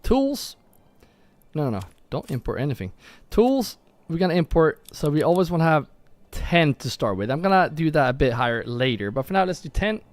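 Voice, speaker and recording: A man's voice: fairly high pitch, big pitch swings, normal speed, dry recording. A man casually commenting on his own gameplay on a live stream, thinking aloud and often correcting himself. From Norway. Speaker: gaming streamer. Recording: faint background music.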